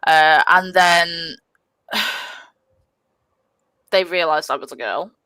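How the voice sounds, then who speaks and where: A young woman telling a gaming story on a podcast, animated and swearing freely, with lots of fillers. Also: fairly low pitch, very slow, no echo. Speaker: podcast guest, gamer. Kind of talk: casual storytelling.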